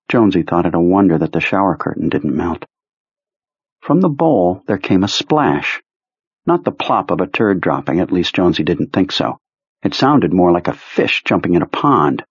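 A man narrating an audiobook in a measured, low-key storytelling manner. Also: a little mellow, husky, no echo. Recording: dry, slightly muffled recording.

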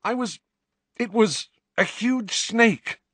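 A man's voice: high voice, takes it slowly, fairly bright tone, no echo, pitched above the performer's own voice, heavily acted. A man voicing a frantic teenage boy wizard in pain, panting and urgent as he insists on what he saw. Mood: shaky, pleading.

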